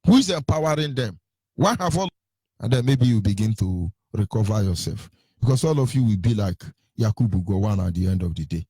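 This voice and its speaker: A man's voice: fairly low pitch, animated, a little fast, mellow, husky, no room sound. A man giving impassioned radio commentary, hammering home repeated rhetorical questions.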